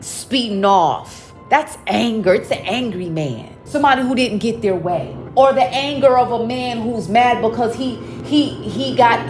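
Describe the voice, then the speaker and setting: A woman giving a spiritual card reading to viewers, dramatic, with loud exclamations and emphatic repetition. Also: fairly high pitch. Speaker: psychic card reader. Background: faint background music.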